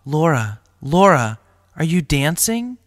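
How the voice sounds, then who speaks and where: A man's voice: on the high side, big pitch swings, takes it slowly, no room sound, studio quality, pitched above the performer's own voice. A man doing a wounded, pleading teenage boy. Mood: desperate. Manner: pleading, strained. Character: wounded teenage boy gang member, desperate.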